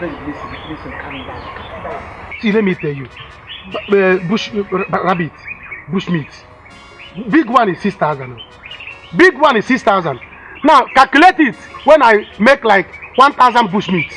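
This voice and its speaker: High lively man's voice, nigerian accent, bragging village guy with big plans, trips on his words. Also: moderate pace, background noise. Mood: boastful. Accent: Nigerian English. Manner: boastful, stumbling over words. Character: boastful village man full of big schemes. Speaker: village bushmeat seller. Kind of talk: film drama acting.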